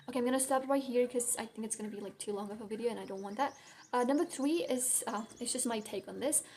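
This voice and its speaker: A woman's voice: on the high side, darkish tone, a little hiss or hum. A young adult woman vlogging in a casual venting monologue, blunt and full of swearing and "like" fillers. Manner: blunt, swears a lot, heavy use of "like".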